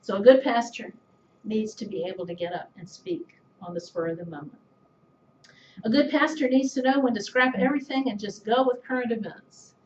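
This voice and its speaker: Brief: middle-aged woman, fairly high voice, measured anecdotal tribute, roomy dull recording. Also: darkish tone, slight background noise. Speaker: speaker giving a tribute. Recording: echoey, slightly dull room recording.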